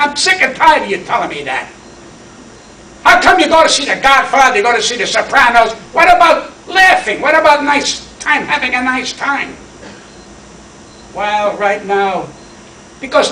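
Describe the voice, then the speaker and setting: A man's voice: very high-pitched, sharp tone, recorded from a distance, slight background noise. A man, giving a brash, punchy stand-up acceptance speech full of wisecracks, in a banquet hall. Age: 80s. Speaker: award honoree and comedian. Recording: echoey hall, voice from off mic.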